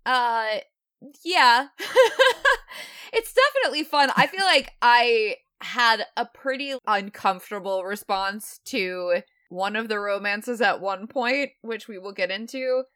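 A woman hosting a podcast in casual chat, laughing easily and unhurried. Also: on the high side, expressive, bright, forceful tone, smooth, dry recording, clean studio sound. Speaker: podcast host.

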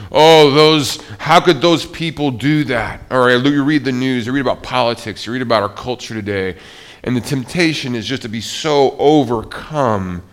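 A male pastor preaching a sermon in a conversational way, often restarting his sentences. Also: mid-range voice. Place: church.

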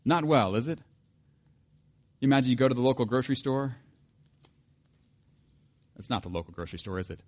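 A man preaches in a relaxed, conversational way, speaking at a middle pitch. He keeps asking his listeners rhetorical questions and reads a scripture passage aloud. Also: a little fast, pauses often. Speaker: pastor. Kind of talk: sermon.

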